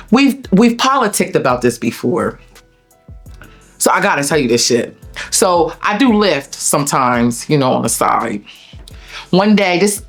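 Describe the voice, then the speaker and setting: A woman with a Delaware accent, an interview guest telling a personal story in a blunt, profane, animated way. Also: fairly low pitch. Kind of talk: emotional storytelling.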